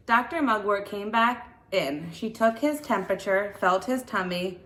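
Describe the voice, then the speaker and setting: Animated woman reading a picture book aloud. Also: mid-range voice, measured pace. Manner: animated, playful and expressive. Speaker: teacher reading to her class. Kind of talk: read-aloud storytelling for children.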